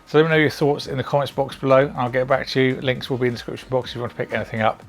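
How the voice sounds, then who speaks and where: A British man giving a relaxed, chatty overview of audio gear he is testing, with the odd um and like. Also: mid-range voice, racing, soft background music. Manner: relaxed, chatty, sprinkled with ums and likes. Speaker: tech reviewer. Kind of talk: casual product overview.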